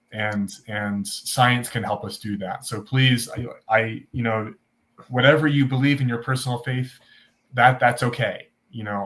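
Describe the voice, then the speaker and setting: An earnest man co-hosts a casual podcast about faith. He talks in a halting way, stopping and restarting often. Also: mid-range voice, fairly bright tone. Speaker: podcast co-host.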